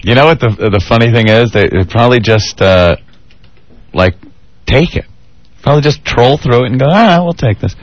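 A man's voice: medium pitch, dry recording. A man co-hosting a radio show, bantering sarcastically and reading a live beer ad in a loose, talky way. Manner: animated, sarcastic, drawn-out emphasis. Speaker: radio co-host.

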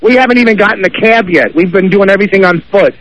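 A man's voice: high voice, fast, a bit bright, low-quality recording. An out-of-breath man calling in a complaining, worn-out update. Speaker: field reporter calling in.

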